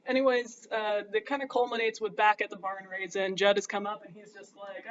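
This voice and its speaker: Wry high-voiced man recapping a musical. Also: little pitch movement, brisk, fairly bright tone, lo-fi sound, a little hiss or hum. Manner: wry, irreverent, chatty with fillers. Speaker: comedic recapper. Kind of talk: casual sarcastic plot recap.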